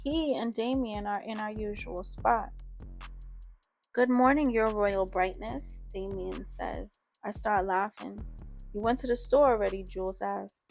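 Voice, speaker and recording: A woman with a creaky, mid-range voice tells a first-person story in casual street slang, with faint music in the background. She voices the other people's lines herself, firing off the quoted bits quickly and snappily.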